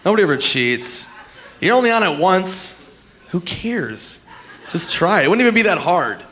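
A man doing a stand-up comedy set, swinging into loud shouted impressions. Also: sits high, very animated, normal speed. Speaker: stand-up comic.

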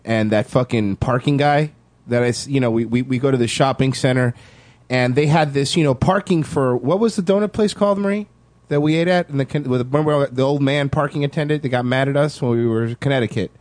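A man's voice: medium pitch, a little fast, darkish tone, no echo. A man co-hosting a casual chat, telling an anecdote in a rambling way with many restarts.

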